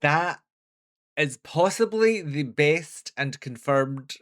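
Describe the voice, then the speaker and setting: A man's voice: on the high side, animated, slow pace, a bit bright. A man with a Scottish accent chatting casually as a reaction video host, with jokey asides and frequent laughs.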